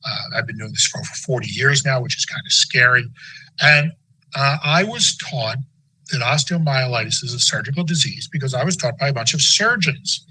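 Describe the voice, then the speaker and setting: A man's voice: mid-range voice, normal speed, pushed and bright, slightly rough, poor audio. A man in his sixties giving a conversational medical lecture with folksy, anecdotal asides. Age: 60s.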